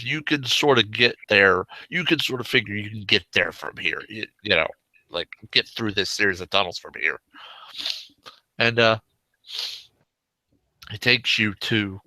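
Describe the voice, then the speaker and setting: A man narrating a tabletop game as game master, unhurried and full of fillers. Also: fairly low pitch, pushed and bright, dry recording, poor audio.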